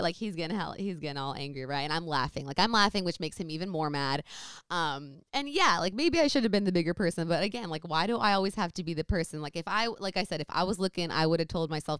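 A woman's voice: fairly low pitch, fairly quick, smooth, dry recording, studio quality. Rambling young woman telling a story. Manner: rambling, filler-heavy, animated retelling. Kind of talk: casual storytelling.

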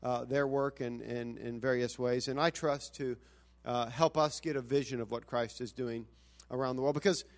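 A man's voice: medium pitch, steady tone, normal speed. A man, the church's pastor, earnestly introducing a guest speaker to the congregation, often restarting his sentences.

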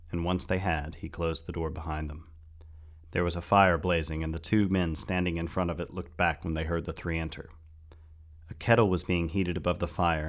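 A man narrating a fantasy story in a steady, measured audiobook style. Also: low-pitched.

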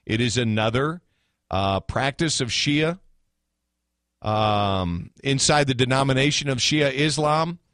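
A man's voice: mid-range voice, animated, takes it slowly, fairly bright tone, no room sound. A man hosting a talk radio show, giving blunt, opinionated commentary with sarcastic asides from a studio mic.

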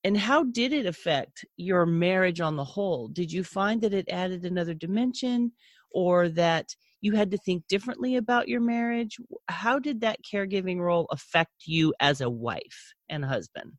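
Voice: medium pitch, lively intonation, moderate pace, no room sound. An interviewer who reflects the guest's words back and asks thoughtful follow-up questions.

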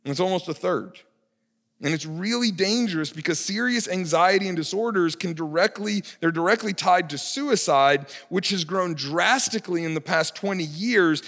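A young man with a notably high voice preaches a sermon, conversational and quick with self-deprecating humor. His words ring out with long reverb through a large church sanctuary, like a pastor talking to his congregation from the stage. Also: expressive, fairly bright tone. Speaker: family discipleship pastor.

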